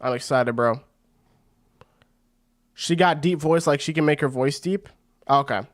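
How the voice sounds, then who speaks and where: Excitable, slangy man calling fights. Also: fairly high pitch, unhurried. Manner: excitable and rambling, slangy with frequent "bro". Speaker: watch-party host. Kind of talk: casual fight commentary on a livestream.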